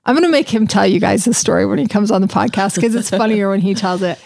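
A woman's voice: mid-range voice, quick pace, vocal fry, a little mellow, no room sound. A woman hosting a podcast, chatting casually and telling stories in a bubbly way. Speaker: podcast host. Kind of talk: casual chat.

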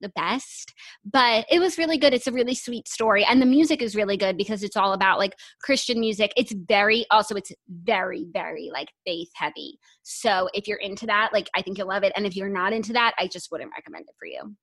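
A woman's voice: mid-range voice, brisk, a bit bright. A woman co-hosting a podcast in casual, upbeat chat, often saying "like". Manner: chatty and upbeat, uses "like" often. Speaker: podcast co-host.

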